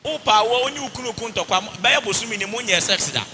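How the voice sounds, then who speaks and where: A man with a Ghanaian accent preaching a fervent sermon in Twi and English, shouting declarations between playful asides. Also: extremely high pitch, lively intonation, fast talker, in a large hall, background noise.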